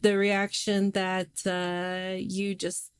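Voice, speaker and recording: A woman's voice: mid-range voice, completely flat delivery, clear, resonant tone, no echo. Enthusiastic woman podcast co-host. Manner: enthusiastic, quick to laugh. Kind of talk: casual chat.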